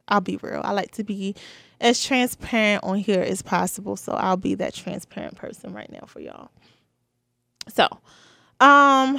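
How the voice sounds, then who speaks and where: Young woman just chatting on her podcast, lots of like and you know, pretty mid-pitched, dry room. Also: no echo. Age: 20s. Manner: chatty, candid, many "you know" and "like" fillers. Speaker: podcast host. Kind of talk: casual solo podcast talk.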